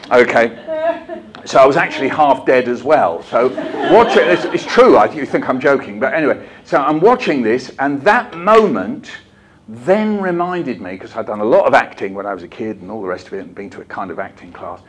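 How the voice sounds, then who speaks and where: An older man giving a lively, jokey storytelling talk to a hall of teachers, acting out bits as he goes. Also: medium pitch, moderate pace. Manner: lively, jokey, acts out voices and poems. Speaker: children's author giving a talk. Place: conference hall.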